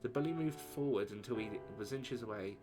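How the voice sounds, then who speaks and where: A man's voice: mid-range voice, fairly quick. A man streaming a game, reading its story text aloud and chatting casually with viewers. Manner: steady reading, casual asides to chat. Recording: voice over game music.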